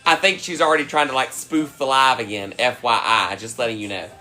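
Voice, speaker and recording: A man's voice: medium pitch, steady tone, brisk, sharp tone, poor audio. A man from South Carolina with a Southern accent, hosting a casual cooking live stream and greeting viewers in a sassy, playful way. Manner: sassy, playful, drawls greetings, hums little sound effects.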